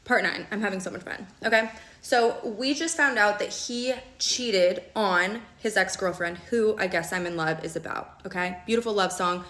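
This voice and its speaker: A woman's voice: mid-range voice, moderate pace, hardly any pauses, fairly bright tone. A woman telling a dramatic personal story to camera, indignant and frank, swearing and often checking in with the listener. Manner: dramatic, keeps checking in with "okay?" and "all right?". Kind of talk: casual storytime monologue to camera. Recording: roomy echo.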